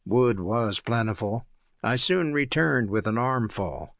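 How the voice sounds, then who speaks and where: A man reading an audiobook aloud as narrator, in a measured, even storytelling manner. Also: mid-range voice, vocal fry, dry recording, clean studio sound. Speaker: audiobook reader.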